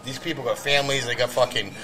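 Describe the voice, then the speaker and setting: Fast-talking blunt male host, crowd behind. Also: medium pitch, fairly even intonation, low-quality recording. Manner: blunt, agreeing interjections and profane complaints. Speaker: podcast host. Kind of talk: casual podcast conversation.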